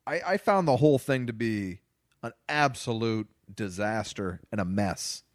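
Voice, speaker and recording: A man co-hosting a movie podcast, talking casually and ranting in an animated, exasperated way. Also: lowish voice, unhurried, dry recording, clean studio sound. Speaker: podcast co-host reviewing movies. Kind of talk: casual chat.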